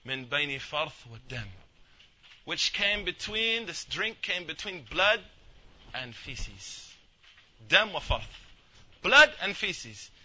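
Bright-voiced man giving a casual religious talk. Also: high voice, highs cut off, a little hiss or hum. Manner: conversational and humorous, acts out quotes in asides. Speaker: Islamic lecturer.

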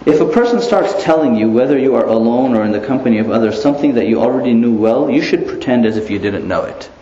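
A man giving an animated religious lecture, often asking rhetorical questions and chuckling, in a roomy, slightly dull recording. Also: mid-range voice, fast, a little hiss or hum. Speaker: Islamic preacher.

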